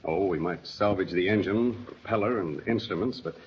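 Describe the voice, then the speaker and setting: A low, even male voice for a brave aviator hero who takes charge with quiet confidence, as an actor plays him. The sound is a dull, lo-fi old radio recording. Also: moderate pace, a little hiss or hum, lightly acted. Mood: calm. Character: steady heroic male pilot, Captain Midnight. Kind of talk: 1930s radio drama acting.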